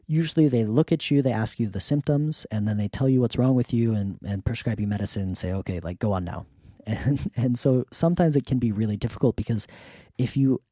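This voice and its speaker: The clean studio recording, free of echo, captures a podcast host with a medium-pitched voice. He is ill with pneumonia and short of breath, yet tells relaxed, anecdotal stories, performing other people's lines as he quotes them.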